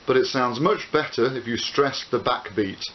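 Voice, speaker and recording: A man giving a ukulele lesson in a relaxed, explanatory way, counting beats and calling out chords as he plays. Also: mid-range voice, moderate pace, faint music behind. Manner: relaxed explanatory, with frequent "uh" fillers. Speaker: ukulele teacher. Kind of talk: instructional tutorial, counting and calling chords while playing. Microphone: camcorder microphone. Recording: dull hissy camcorder audio with loud ukulele. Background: ukulele playing.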